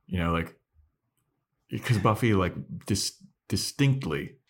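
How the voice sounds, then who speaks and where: Man, low voice, lively swings, casual podcast chat, relaxed. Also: takes it slowly. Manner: relaxed, many "like" fillers, retells scenes. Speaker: podcast co-host.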